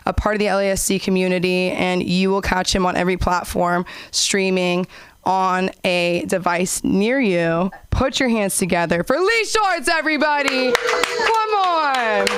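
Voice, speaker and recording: A young woman doing a stand-up comedy set and hosting an open mic, animated and acting out characters in high voices. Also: normal speed, clear, resonant tone, dry recording. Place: comedy club stage.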